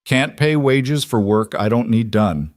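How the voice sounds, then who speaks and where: Casual: dude doing a tough innkeeper lady, pitched up, flat n grudging, dry mic. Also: a little slow, no room sound, close to an everyday voice. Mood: curt. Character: hard-eyed weary female innkeeper, grudging.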